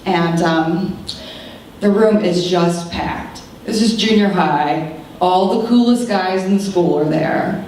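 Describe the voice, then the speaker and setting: Speaking slowly in a slightly low voice, a woman in her thirties gives a keynote in a large lecture room, telling a personal story with animated asides and voices for its characters. A distant mic at the back of the very echoey hall captures heavy reverb and a faint hiss.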